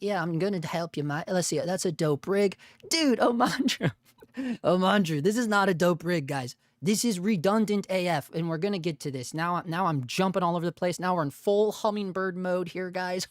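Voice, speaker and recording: A man's voice: on the high side, no room sound, clean studio sound. A man hosting a live stream in a casual, rambling way, often saying "dude" and "you know". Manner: rambling, laid-back, says "dude" and "you know" a lot. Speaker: livestream host.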